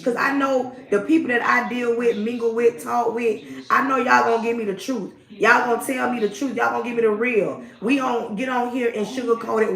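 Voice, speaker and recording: A woman's voice: on the high side, vocal fry, fairly bright tone, echoey room. Emphatic woman hosting a morning livestream. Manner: emphatic, repetitive greetings. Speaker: livestream host. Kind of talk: casual livestream talk.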